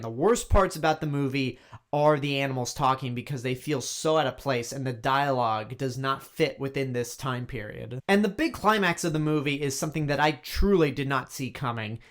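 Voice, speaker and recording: A man giving an opinionated movie review in a blunt, exasperated manner, leaning on emphatic repetition. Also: on the high side. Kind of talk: opinionated film review monologue.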